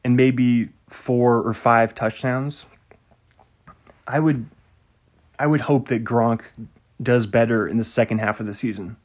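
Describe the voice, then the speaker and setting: A man's voice: mid-range voice, steady tone, unhurried, pauses often. A man hosting a casual solo podcast, rambling and easily sidetracked, laughing at himself.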